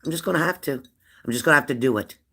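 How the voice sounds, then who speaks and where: A woman in her fifties hosting a live stream, chatting warmly and laughing as she reads out viewers' comments. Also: deep voice, very fast, breathy edge. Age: 50s. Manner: chatty and affectionate, laughs often, answers comments aloud. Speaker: livestream host of a spirit-messages channel.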